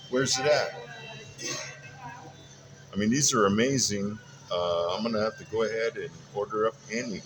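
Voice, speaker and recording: A man vlogging at a fast-food drive-through from his car, talking in a drawn-out, mock-serious way with lots of exclamations. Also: lowish voice. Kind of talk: casual vlog commentary. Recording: clear background music.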